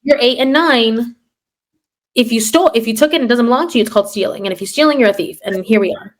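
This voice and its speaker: A woman's voice: fairly high pitch, fast. A young adult woman who teaches third grade, hosting a casual chat and telling classroom stories with sarcasm. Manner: sarcastic, animated storyteller acting out classroom quotes.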